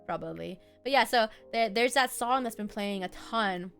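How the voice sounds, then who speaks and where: Chatty young woman streamer, higher voice. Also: creaky, a bit bright, clear, resonant tone, faint music behind. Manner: chatty, rambling, quick to laugh. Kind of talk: casual chat.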